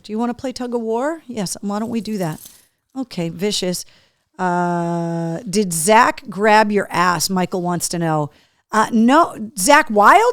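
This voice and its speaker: Chatty woman host in a dry room. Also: no room sound. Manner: chatty, talks to her dogs in a high coaxing voice. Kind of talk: casual live-stream chat, reading viewer comments. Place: home studio room.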